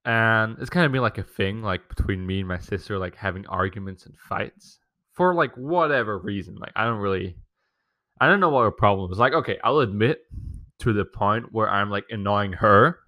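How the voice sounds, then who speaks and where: A young man hosts a casual podcast from home, ranting through a profane, complaining story about his family. His voice is on the low side, bright and forceful, at a moderate pace.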